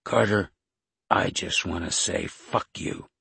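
A man's voice: deep voice, slow pace, gravelly, bright, forceful tone, husky, no echo, heavily acted. A man voicing a vengeful possessor who gloats and mocks with triumphant spite. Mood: spiteful. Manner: mocking, triumphant. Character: Jason, a vengeful, gleeful man possessing another's body.

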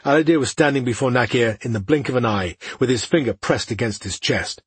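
A man reads a fantasy novel aloud in a measured, even manner. His voice is very husky and sits at a medium pitch. The recording is dry and close, with no room sound. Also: no echo. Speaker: audiobook narrator. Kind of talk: scripted fantasy narration.

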